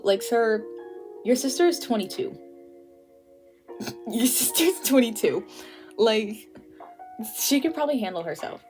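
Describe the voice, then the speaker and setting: A young woman hosts an art livestream, chatting casually as she draws, with lots of fillers and frequent laughter. Her mid-range voice has lively intonation and a darkish tone, moving at normal speed with long pauses. Faint music plays in the background.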